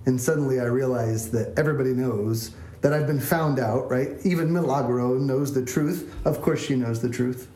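A man's voice: medium pitch, moderate pace, hardly any pauses, mellow. A man, a pastor, telling a self-deprecating story as a sermon in a church. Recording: echoey church room.

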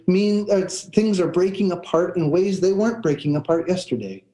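A pastor delivers his sermon in a fairly high yet mellow voice. He tells a personal story in an earnest, searching way, often doubling back on his words. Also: rough recording. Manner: storytelling, earnest with repeated restarts.

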